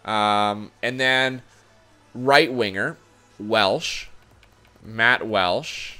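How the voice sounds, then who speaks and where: A man's voice: fairly low pitch, drawn-out words, bright, forceful tone, smooth. A man giving casual commentary on a sports management game, chatty and thinking aloud, often correcting himself as he goes. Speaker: gaming YouTuber.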